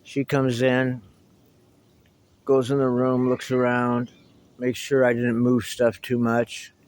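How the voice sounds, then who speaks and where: A man's voice: mid-range voice, completely flat delivery, slow pace, darkish tone, poor audio. A middle-aged man talking casually to the camera in a meandering, reminiscing way, with wry asides. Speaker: vlogger. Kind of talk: casual rambling monologue to camera.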